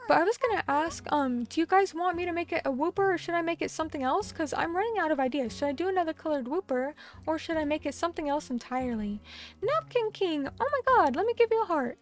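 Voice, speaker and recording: A woman's voice: extremely high pitch, lively intonation, fast. A young adult woman chatting casually on a live stream, effusive and thankful, often tripping over her words. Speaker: vtuber streamer.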